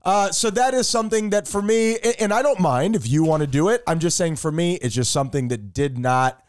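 A man's voice: on the high side, fairly quick, dry recording. A man co-hosting a comedic chat show with his brother, joking and playful. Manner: jokey, playful sung intro. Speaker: podcast co-host.

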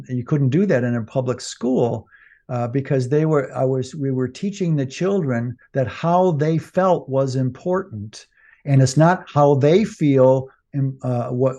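A man's voice: medium pitch, dark tone. A man co-hosting a podcast, talking casually with many fillers and restarts. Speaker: podcast co-host.

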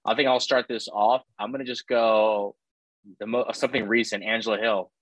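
A man's voice: lowish voice, fairly even intonation, normal speed, fairly bright tone, no room sound, rough recording. A man hosting a casual podcast, leading the segments in a laid-back way with lots of fillers. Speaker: podcast host. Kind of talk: casual chat.

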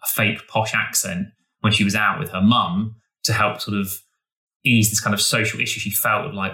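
A male podcast co-host who talks quickly and enthusiastically, circling back and restarting his sentences. His voice is bright and a little low. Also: fairly even intonation. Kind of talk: casual podcast chat.

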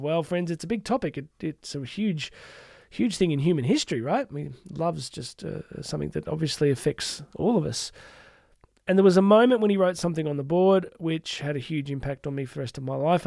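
A man hosting an inspirational podcast for teachers, speaking warmly with playful asides and slowing down for emphasis. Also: on the high side, gravelly, dry recording, studio quality. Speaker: podcast host.

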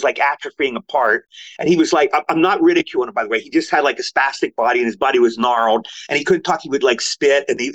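An older man, a guest actor, telling stories in casual talk and acting out what others said in a raised voice. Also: fairly high pitch. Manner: animated, quotes others in raised voice. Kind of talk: casual storytelling. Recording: lo-fi remote audio.

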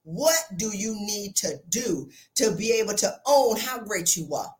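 A woman's voice: mid-range voice, animated, unhurried. A woman hosting a podcast, giving a passionate, preacherly motivational talk into a close microphone. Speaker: podcast host.

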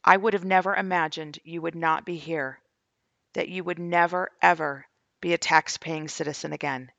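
A woman's voice: deep voice, steady tone, normal speed, vocal fry, a bit bright, no echo, lo-fi sound. A middle-aged woman, a grieving mother, reads her own journal posts aloud in an earnest, questioning way as she shares her faith testimony.

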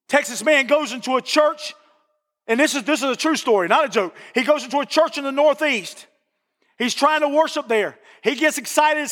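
A man preaching a sermon in a church with passion, repeating phrases for emphasis and rising to shouts at the peaks. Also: very high-pitched. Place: church sanctuary. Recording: long reverb of a church hall.

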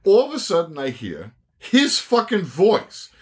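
Animated, swearing New man. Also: high-pitched, unhurried. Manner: animated, profane storytelling. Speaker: podcast co-host. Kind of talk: casual chat.

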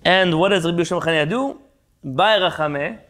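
This Torah teacher's voice is a little high and a bit bright, and he moves at a brisk clip. Running a Talmud class on a video call, he explains Hebrew terms in translation, questions the group and leaps from one point to another.

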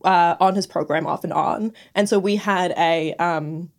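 A woman's voice: on the low side, steady tone, measured pace, a little mellow. A young woman co-hosting a podcast, telling stories in a chatty, giggly way with plenty of fillers. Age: young adult. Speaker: podcast co-host. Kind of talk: casual chat, storytelling.

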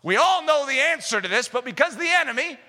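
A man preaching a sermon with fervor, rising to shouts for emphasis. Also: extremely high pitch, lively intonation, quick pace. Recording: echoey hall reverb.

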